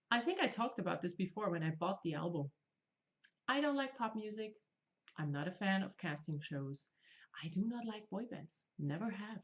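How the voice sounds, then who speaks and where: A woman in her thirties hosting a casual craft podcast, talking with chatty enthusiasm and joking about herself. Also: medium pitch. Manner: chatty, enthusiastic, self-deprecating jokes. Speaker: podcast host. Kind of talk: casual chat.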